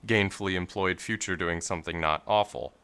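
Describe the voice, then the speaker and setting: Deep-voiced hesitant young man, crisp tone. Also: steady tone, fairly quick, pushed and bright. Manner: hesitant, rambling, self-deprecating. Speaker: podcast co-host. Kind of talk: casual podcast chat.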